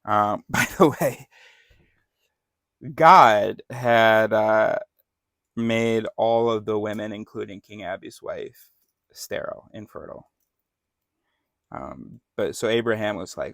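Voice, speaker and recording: A man's voice: on the low side, slow, vocal fry, pauses often, fairly bright tone, dry recording, clean studio sound. A man giving casual, irreverent commentary on a scripture reading, joking and correcting himself as he goes. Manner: irreverent, joking, self-correcting, laughs often. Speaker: bible study host.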